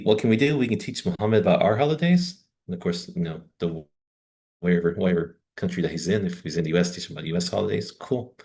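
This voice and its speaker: A man with a Southern American accent talks through his slides in a loose, chatty lecture. His voice sits very low with a gravelly fry. He keeps it conversational and drops in wry asides. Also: darkish tone. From Southern United States. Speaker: teacher trainer.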